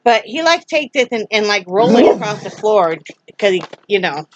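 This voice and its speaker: A woman's voice: mid-range voice, very animated, moderate pace, muffled recording, background noise. A woman chatting casually to her viewers from home in a rambling, homey way. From Iowa. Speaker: vlogger. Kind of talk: casual chat to camera.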